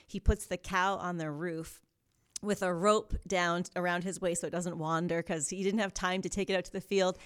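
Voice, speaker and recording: A woman guest talks in a casual podcast interview. She tells stories in an animated, upbeat way. Her voice is low for a woman. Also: normal speed, clean tone. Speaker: yoga studio co-founder, guest.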